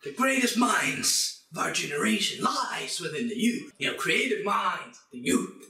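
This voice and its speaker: A young man tears into his topic in a comedic rant. His voice is high and bright, and he swears constantly and erupts into shouts. The sound bounces around an echoey room. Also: sing-song, a little slow. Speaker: channel host.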